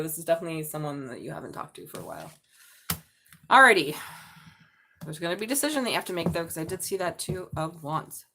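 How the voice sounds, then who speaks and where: A woman reads tarot cards on a live stream from her bed. Her voice sits fairly low but leaps upward whenever she gets excited. She thinks out loud, with many sudden exclamations. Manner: animated, exclaiming, thinking aloud. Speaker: tarot reader. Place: bedroom.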